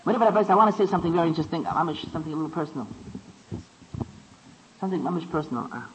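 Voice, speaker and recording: High-voiced man giving a talk. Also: expressive, racing, slight background noise. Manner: rising to impassioned pitch, stammering restarts. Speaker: speaker. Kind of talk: Torah talk. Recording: dull lo-fi recording.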